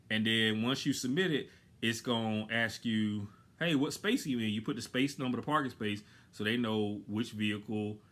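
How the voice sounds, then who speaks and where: A man telling a story casually, animated and slangy, acting out his own lines. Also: mid-range voice.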